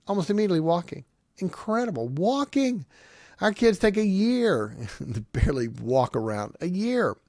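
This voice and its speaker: A middle-aged man with a gravelly edge to his mid-pitched voice, preaching family advice in short, punchy, repeated phrases. He talks into a dry, close mic with no room sound. His delivery is emphatic and lively. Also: dry recording. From grew up on a farm. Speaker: podcast host giving family advice. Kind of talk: preaching-style advice talk.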